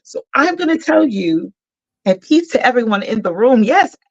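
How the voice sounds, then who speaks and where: A woman's voice: fairly high pitch, sing-song, moderate pace, highs cut off. A woman hosting a casual live stream, hyping up her guest and repeating her points for emphasis. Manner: hype, warm-up, repeats herself for emphasis. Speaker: host.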